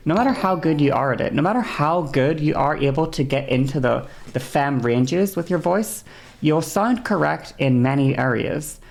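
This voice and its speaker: A woman's voice: rumbling low, vocal fry, darkish tone. A woman streamer with a sore throat, chatting casually and explaining at length, rambling with many fillers and restarts. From English-speaking.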